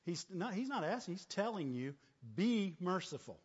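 A pastor preaches a sermon in a high voice with big pitch swings, a moderate pace, and slight roughness. He repeats himself in call-and-response style, tossing in "right?" and "amen?" often, stammering and laughing along the way. The church-hall recording has long reverb and a dull lo-fi sound.

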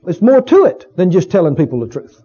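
A man's voice: sits high, big pitch swings, brisk, dark tone, breathy edge. A male pastor preaching a sermon in a folksy, emphatic way, often repeating his phrases for weight. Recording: dull lo-fi recording.

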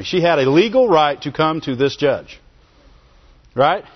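A man with a high-sitting, lively voice preaches a sermon at a moderate pace, repeating phrases for emphasis and chuckling between points. He calls out "Amen?" for his congregation to answer, and the recording is dull and lo-fi.

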